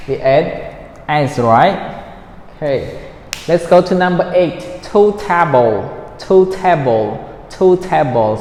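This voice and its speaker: A man teaching a recorded grammar lesson for children, speaking slowly and patiently, drilling words and ending points with "right?". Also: fairly high pitch, darkish tone. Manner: slow, patient, drills words and repeats them; ends points with a checking "right?". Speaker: English teacher. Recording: roomy echo, long reverb, faint noise.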